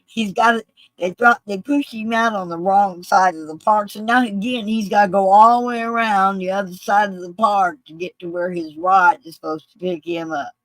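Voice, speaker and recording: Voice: medium pitch, steady tone, moderate pace, fairly bright tone, dry recording, low-quality recording. A speaker earnestly retelling a personal story with quoted voices.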